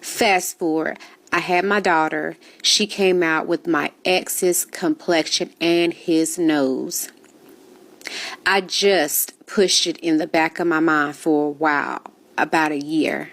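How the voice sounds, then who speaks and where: Woman with a lowish voice reading a confession. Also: steady tone, takes it slowly. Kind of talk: reading a written confession story.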